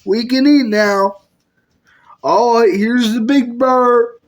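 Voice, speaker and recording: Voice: mid-range voice, fairly even intonation, takes it slowly. A puppet video maker performing every character in a comedy skit, switching between bickering character voices.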